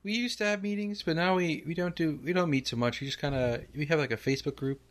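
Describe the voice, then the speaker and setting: A man voicing a deadpan, clannish male loon, tagging his lines with "eh?" in an improvised comedy interview. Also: on the high side, fast, natural voice.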